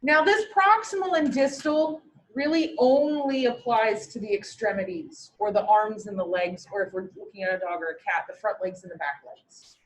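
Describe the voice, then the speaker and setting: A woman teaching a classroom lecture, lively, asking her students questions and answering them herself. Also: fairly high pitch, a little hiss or hum, rough recording.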